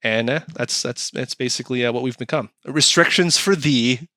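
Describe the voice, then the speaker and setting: A man's voice: mid-range voice, moderate pace, dry recording. A man hosting a podcast, ranting casually with lots of swearing and mocking asides. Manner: animated, profane, mocking. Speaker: podcast host.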